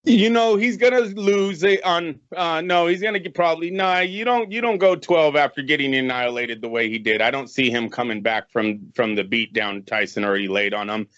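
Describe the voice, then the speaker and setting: A man's voice: fairly high pitch, fairly even intonation, fairly quick, few pauses, a bit bright, no echo, highs cut off. Blunt, emphatic male co-host. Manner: blunt, emphatic, curses freely. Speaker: podcast co-host. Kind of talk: casual sports podcast chat.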